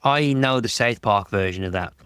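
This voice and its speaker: A man's voice: on the low side, normal speed, fairly bright tone, clean tone, no echo, studio quality. A man talking casually on a podcast, rambling and restarting his sentences with lots of "like". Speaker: podcast guest.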